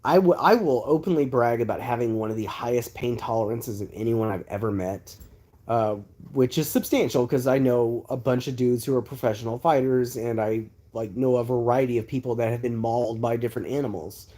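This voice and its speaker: A man's voice: medium pitch, brisk. Rambling thirty-something man telling a story. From Texas. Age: 30s. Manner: animated, rambling storyteller with many asides and fillers. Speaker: livestream host. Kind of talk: casual storytelling on a livestream.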